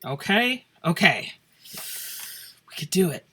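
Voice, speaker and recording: Fairly low in pitch yet very animated, her voice is pushed and bright with a breathy edge, and she takes it slowly. She's a woman leading a casual math lesson, joking playfully and reasoning aloud through problems, all filmed on a phone camera over paper.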